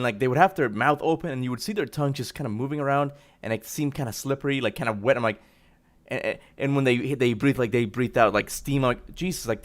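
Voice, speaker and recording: A man hosting a stream and giving casual reaction commentary, rambling and excitable, often laughing. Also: medium pitch. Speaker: streamer host.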